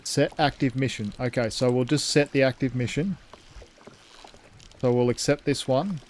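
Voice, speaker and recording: Man, game streamer, mid-pitched, chatty and rambling, thinking aloud, faint noise behind. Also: normal speed, a little mellow. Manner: rambling, thinks aloud, reads and thanks chat. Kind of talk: casual live-stream chat.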